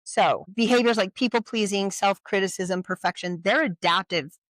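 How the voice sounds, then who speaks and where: A workshop presenter talks through an informal educational session at a middle pitch, in a dry, close-sounding recording. The delivery is conversational and loose. They keep tossing rhetorical questions and checks like "right?" to the listeners. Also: moderate pace, fairly bright tone, no room sound. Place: community event at a brewery.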